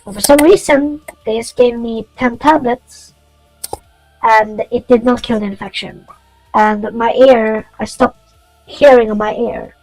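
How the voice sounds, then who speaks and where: A woman's voice: fairly high pitch, steady tone, measured pace, darkish tone, dry recording, faint music behind, poor audio. A woman chatting casually while coding on stream, rambling through stories and swearing freely.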